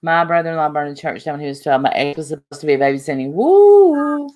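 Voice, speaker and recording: A woman's voice: low voice, racing. A woman hosting a livestream in casual, rambling chat with lots of asides. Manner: chatty, rambling, lively asides. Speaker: livestream host.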